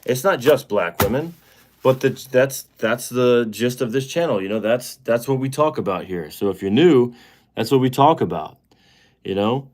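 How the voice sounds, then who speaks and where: A man's voice: mid-range voice, animated, moderate pace, darkish tone. A man hosting a livestream, talking in a rambling, casual way with lots of fillers and restarts, and getting heated and indignant. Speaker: live-stream host.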